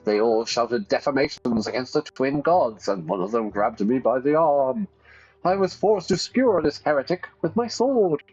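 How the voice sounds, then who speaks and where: A man's voice: medium pitch, animated, normal speed, darkish tone, husky, dull audio. A man doing a pompous young noble. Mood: indignant. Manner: pompous, indignant. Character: arrogant young noble man, haughty and scolding.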